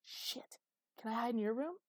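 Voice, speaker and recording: A woman reading a teasing, flirtatious grown man, mock-romantic and deadpan, in an audiobook. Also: fairly high pitch, moderate pace, dry recording, voice pushed up, natural voice. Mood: whispered mischief. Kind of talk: audiobook character voice.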